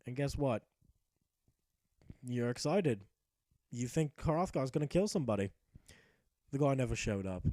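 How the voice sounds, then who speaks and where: A man's voice: mid-range voice, lively intonation, a little slow, long pauses, warm tone, no room sound. A man giving sarcastic, profane mock-epic narration of a video game playthrough, with joking asides to the audience. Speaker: gameplay narrator.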